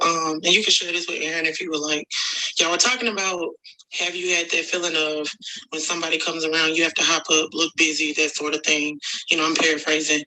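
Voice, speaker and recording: A woman's voice: lowish voice, bright, forceful tone, a little hiss or hum, rough recording. A woman leaving a voice memo for a podcast, reflective and rambling as she talks things through aloud. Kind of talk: recorded voice memo.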